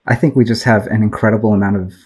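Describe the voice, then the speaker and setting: An American man who is a guest on a podcast, speaking in a measured, reflective way with lots of ums. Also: on the low side, fairly even intonation, darkish tone, a little hiss or hum, low-quality recording. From United States. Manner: measured, reflective, with many fillers. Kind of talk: casual conversational discussion.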